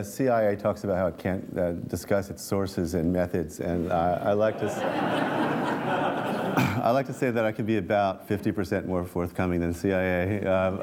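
A man, a reporter and author, reads aloud from his book at a talk with dry, wry asides, then answers questions with halting restarts. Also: lowish voice, darkish tone, a little hiss or hum.

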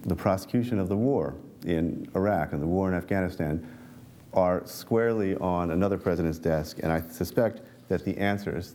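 A man with a deep, low voice reads from his own book to an audience, with dry, wry asides between passages. His tone is mellow and dark. When questions come, he speaks in halting restarts. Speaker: author and reporter giving a book talk. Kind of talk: reading aloud from his book, then answering questions.

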